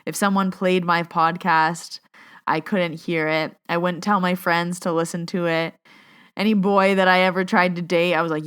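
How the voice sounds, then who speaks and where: Young woman, podcast host, lowish voice, smooth and clear, emotional, close to tears. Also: flat delivery, normal speed, a bit bright. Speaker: podcast host and Reiki teacher. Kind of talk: casual chat and read guided meditation.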